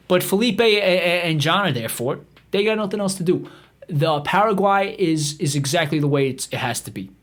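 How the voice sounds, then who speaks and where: A man with a slightly raised pitch rambles through a comic tale. He swears freely and keeps stopping to restart his sentences, like a podcast host riffing off the cuff. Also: expressive, a little fast. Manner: profane, meandering, full of restarts and fillers.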